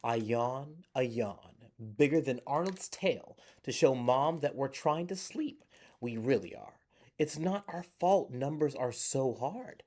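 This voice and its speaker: Male children's storyteller, warm mellow voice, bouncy chatty reading. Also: mid-range voice, takes it slowly. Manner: animated, chatty asides to young listeners. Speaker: library storyteller. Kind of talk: reading a children's picture book aloud.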